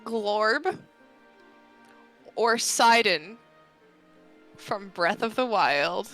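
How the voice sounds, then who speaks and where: A woman's voice: medium pitch, lively intonation, very slow, a bit bright, faint music behind. A woman co-hosting a game livestream, full of playful, joking banter. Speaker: stream co-host player. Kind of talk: casual livestream chat.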